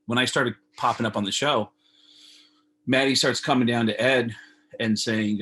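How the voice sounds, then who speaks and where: A man with a husky, breathy voice at an ordinary middle pitch, spinning a rambling backstage story for an interviewer. He talks loosely and swears freely, and pops up into louder put-on voices for the people he quotes. He sounds like he is coming through a video call. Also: moderate pace, long pauses, rough recording. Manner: animated, profane, acts out others' lines in raised voices. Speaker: comedian guest.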